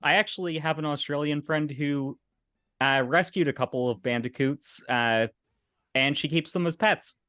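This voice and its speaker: Relaxed male podcast host. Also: fairly high pitch, normal speed, smooth, no echo, clean studio sound. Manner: relaxed, sharing fun facts. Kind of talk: casual chat.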